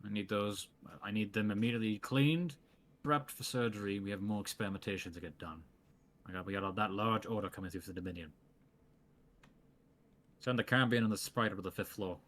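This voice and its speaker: A man's voice: lowish voice, brisk, fairly bright tone, slight background noise, close to an everyday voice. A man voicing a stern male mad-scientist boss who gives curt orders. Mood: commanding.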